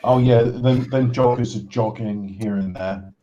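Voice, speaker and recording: A man hosts a casual livestream game show. He talks in halting bursts, full of restarts, and slips in deadpan sarcastic jokes. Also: fairly low pitch, dull audio.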